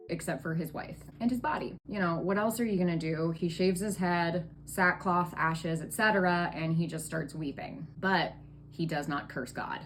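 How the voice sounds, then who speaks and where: A woman's voice: lowish voice, normal speed, music in the background. A tipsy woman retelling a Bible story for comedy in a sarcastic, profane, valley-girl way.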